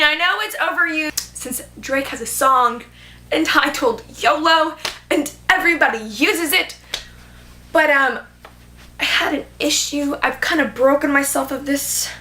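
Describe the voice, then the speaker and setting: Teenage girl, high voice, bright tone, chatty book vlog, gushing, lots of "like". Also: slight background noise. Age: teens. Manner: animated, gushing, uses lots of "like". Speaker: booktube vlogger.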